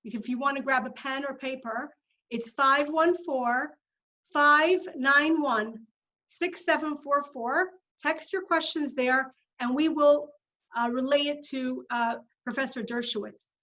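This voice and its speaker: High-voiced woman hosting a video call. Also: rough recording. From Montreal, Canada. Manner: warm, eager announcements, spells numbers slowly. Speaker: host.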